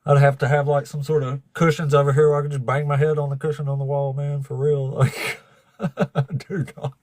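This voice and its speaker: Laughing, profane livestream host. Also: male voice, fairly high pitch, little pitch movement, normal speed, darkish tone, dry recording. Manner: profane, laughing, talks to chat. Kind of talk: casual livestream chat.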